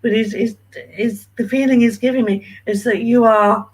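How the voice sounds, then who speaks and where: A woman working as a medium, giving a reading, emotional and hesitant with many pauses and ums. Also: fairly high pitch, steady tone, darkish tone, slightly rough, rough recording.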